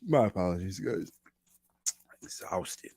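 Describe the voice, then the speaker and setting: A man hosting a live manga reaction, casually thinking aloud, restarting his sentences and reading panels out loud. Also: sits low, expressive, takes it slowly, slightly rough. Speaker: reaction video host.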